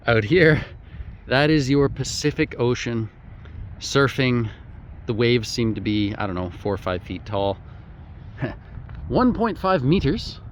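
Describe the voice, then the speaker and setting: An easygoing man narrating his travels outdoors into a handheld camera, chatty and quick to laugh. His voice sits at a plain middle pitch for a man. A faint hiss of open air runs underneath. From Canada. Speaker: outdoor vlogger. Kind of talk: casual travel vlog narration.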